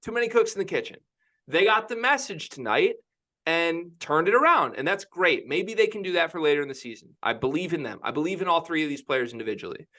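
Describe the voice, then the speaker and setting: A young man talks basketball on a podcast, pressing his opinions hard and circling back to repeat them. His voice sits fairly high and rings bright. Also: expressive, fast talker. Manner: opinionated, emphatic, repeats himself. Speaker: podcast co-host. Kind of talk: casual sports podcast chat.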